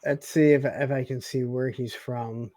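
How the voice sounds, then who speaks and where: Guy from detroit suburbs, animated recap, does the characters' lines, dry sound. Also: mid-range voice, a little slow, dry recording. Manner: animated storytelling, acts out characters' lines, laughs often. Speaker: podcast co-host. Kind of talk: casual TV recap chat.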